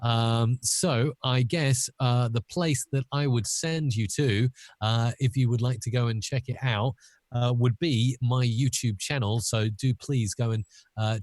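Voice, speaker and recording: A British man, an audio expert guest on a video call, chatting casually and quickly with plenty of "uh" fillers. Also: medium pitch, a little mellow, no echo. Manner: friendly, quick, with frequent "uh" fillers. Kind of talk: casual interview chat.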